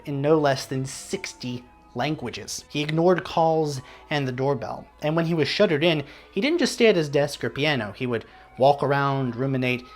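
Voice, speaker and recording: Male host, middle pitch, scripted lesson narration, dry humor, faint music underneath. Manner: wry, conversational asides. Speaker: classical music video host.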